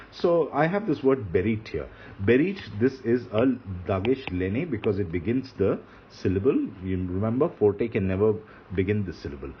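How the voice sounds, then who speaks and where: A man teaching a grammar lesson, patiently repeating and spelling out points as he writes. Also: on the low side. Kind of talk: classroom lecture on grammar. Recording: dull lo-fi recording with faint hiss.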